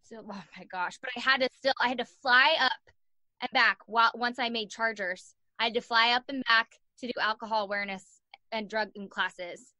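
A young woman telling a story as a podcast guest, animated, acting out the voices of the people in it and saying "like" a lot. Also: on the high side, normal speed, no room sound. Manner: animated, acts out voices in her stories, says "like" a lot. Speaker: guest, sports journalist and podcaster. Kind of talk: casual storytelling in an interview.

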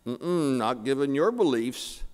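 An older man voicing God as a big voice from the heavens, answering in a deadpan way within a joke. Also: mid-range voice, a little slow, voice pushed up, lightly acted. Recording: long church reverb.

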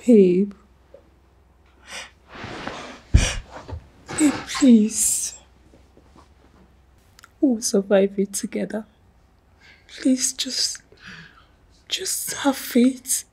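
A woman's voice: medium pitch, unhurried, long pauses, breathy edge. An actress with a Nigerian accent playing a young woman who pleads with her boyfriend and turns outraged at his insult. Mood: pleading. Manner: pleading softly, then outraged. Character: young woman, loving girlfriend, hurt and fiery. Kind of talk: film drama acting.

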